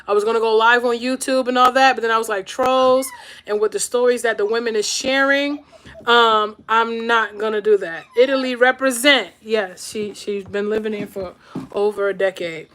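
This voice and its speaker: A woman's voice: a little high, fairly even intonation, moderate pace, a bit bright. A woman in her thirties telling a story to camera in a casual, chatty way, checking in with her viewers as she goes. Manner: chatty, keeps checking in with "all right?" and "right?". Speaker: podcast host telling a story.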